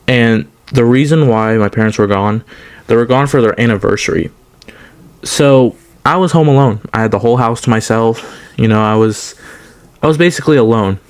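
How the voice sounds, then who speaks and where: A man's voice: mid-range voice, clean tone. Young man rambling through a storytime. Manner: rambling, many fillers and restarts. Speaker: storytime YouTuber. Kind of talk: casual storytime narration.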